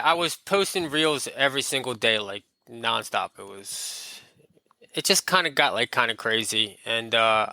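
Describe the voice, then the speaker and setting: Bright, smooth-voiced laid-back guy. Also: mid-range voice, no echo. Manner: laid-back, lots of "like" fillers. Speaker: podcast guest. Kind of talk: casual interview chat.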